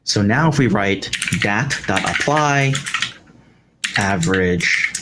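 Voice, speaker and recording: A man's voice: fairly low pitch, lively intonation, slow pace, heavy background noise. A man teaching a live coding tutorial, explaining step by step with fillers like "um" and "right" as he works. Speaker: instructor. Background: keyboard typing.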